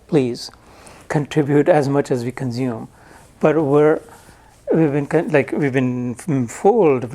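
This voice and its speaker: A man's voice: mid-range voice, mellow. Man explaining scripture word by word. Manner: conversational, explains Sanskrit verses word by word. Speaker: Gita teacher. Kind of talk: spiritual lecture to a live audience.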